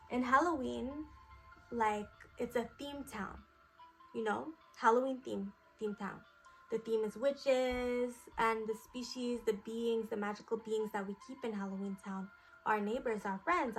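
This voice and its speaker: Woman, fairly high voice, rambling, filler-heavy, in-character mystic teacher, improvised class. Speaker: self-styled psychic priestess teaching a magic class. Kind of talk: improvised role-play class.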